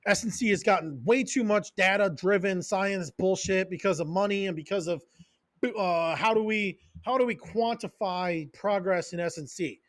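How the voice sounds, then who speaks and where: A man's voice: sits high, moderate pace, fairly bright tone, no echo, studio quality. A man hosting a podcast as a strength coach, ranting in a casual, profane, fired-up way with many tangents and punchy repeated phrases. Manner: emphatic repeated short phrases.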